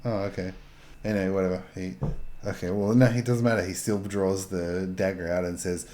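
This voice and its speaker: A man narrating a tabletop game as game master, halting with fillers and restarts. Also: low-pitched, level tone, mellow.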